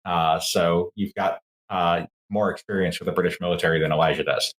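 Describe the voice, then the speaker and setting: A man as game master, calmly explaining rules and narrating a tabletop game in a measured way. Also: low voice. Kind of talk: running a tabletop game online.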